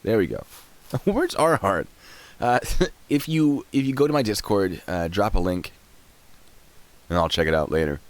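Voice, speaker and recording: A young man giving casual live-stream commentary, chatty and quick to laugh, often trailing off while he clicks around. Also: on the low side, animated. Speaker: streamer reacting to videos and chat.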